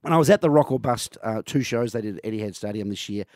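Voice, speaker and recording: A man's voice: fairly low pitch, lively intonation, fast, darkish tone, dry recording, clean studio sound. A man co-hosting breakfast radio, chatting passionately with lots of ums and restarts. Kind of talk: casual radio chat. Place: radio studio. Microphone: close studio mic.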